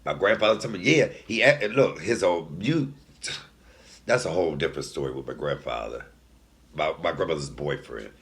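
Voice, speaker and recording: A man in his forties telling a personal story as a comedian, sassy and animated, dropping to hushed asides and rising to loud outbursts while talking straight to his viewers. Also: very deep voice, normal speed. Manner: sassy, laughs at own lines, talks to viewers.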